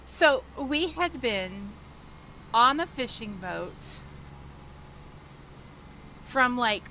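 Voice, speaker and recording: A woman's voice: on the high side, expressive, extremely slow, pushed and bright, a little hiss or hum, low-quality recording. A woman livestreamer chatting casually with viewers while gaming, telling stories and laughing often.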